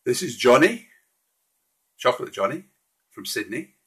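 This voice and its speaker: Male live-streamer, husky mid-pitched voice, friendly and halting delivery. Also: sing-song. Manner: friendly, hesitant, frequent restarts. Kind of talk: casual live-stream walkthrough of slides.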